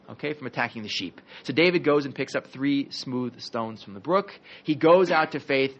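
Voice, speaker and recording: A man teaching a history class as a rabbi, telling the story in a lively, conversational way with jokey asides. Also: medium pitch, muffled recording.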